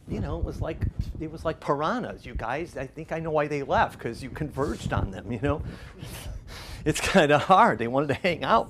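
An older male pastor delivers a conversational sermon at a medium pitch, telling stories and drawing lessons with rising emphasis and quoted voices. There's slight background noise.

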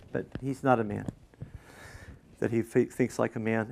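A middle-aged man preaching a sermon as pastor, rising loud and animated through lists and quoted cries. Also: fairly low pitch, moderate pace, creaky, long pauses.

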